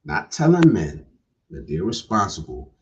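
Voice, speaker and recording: Low-voiced, slow-talking male streamer. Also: huge pitch swings. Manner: laid-back, repeats phrases, says "man" often. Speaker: livestream host. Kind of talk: casual livestream talk. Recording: distant, dull lo-fi sound.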